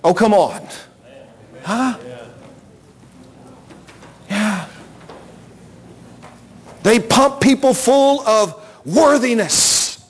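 A man preaching an impassioned sermon in a church, rising to shouts and chanting phrases over and over. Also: extremely high pitch, very animated, slow pace, long pauses. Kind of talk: fiery altar-call sermon. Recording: music playing behind.

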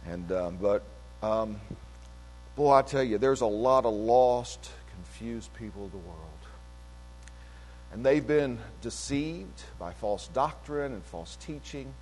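An older man preaching and telling a story, swinging between emphatic peaks and low asides, with a lot of repetition. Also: animated, takes it slowly, a little mellow, slight background noise. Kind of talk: sermon-style testimony. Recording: long hall reverb.

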